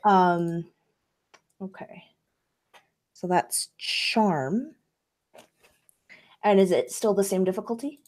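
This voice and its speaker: A woman playing a tabletop game in a casual, hesitant way, pausing as she thinks. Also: medium pitch, a little mellow. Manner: halting, hesitant with fillers. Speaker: player.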